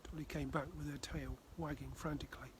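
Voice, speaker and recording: A man from the Far North of Scotland reading his children's book aloud, gently. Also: on the high side, flat delivery, a little fast, a little hiss or hum. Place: outdoors by a frozen loch.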